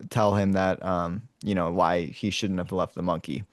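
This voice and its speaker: A man's voice: deep voice, steady tone, moderate pace, no echo, clean studio sound. A man casually retelling a movie's story to his brother, full of fillers and restarts and acting out lines and roars as he goes. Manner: rambling, many fillers and restarts; acts out lines and roars as he tells it. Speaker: podcast host retelling a movie.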